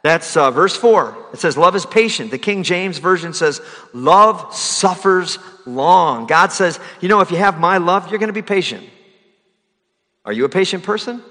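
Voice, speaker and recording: A man's bright, slightly high voice preaches a sermon, pushing up into loud, emphatic runs and then dropping low and soft. The long reverb of a big hall trails behind every line. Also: expressive, normal speed. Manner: builds to loud, high-pitched emphatic preaching, drops soft for key lines. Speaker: pastor.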